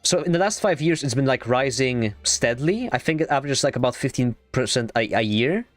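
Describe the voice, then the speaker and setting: A young adult man streaming a game, chatting casually in a rambling, excitable way and swearing freely. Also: medium pitch, brisk, no room sound, faint music behind. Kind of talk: casual gaming stream chat.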